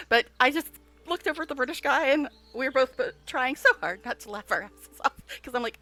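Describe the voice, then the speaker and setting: A woman's voice: sits high, lively intonation, brisk, sharp tone. A woman streaming a game, chatting with viewers, telling stories and laughing often. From United States. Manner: chatty storyteller, laughs often, talks directly to chat. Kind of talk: casual chat while live-streaming a game.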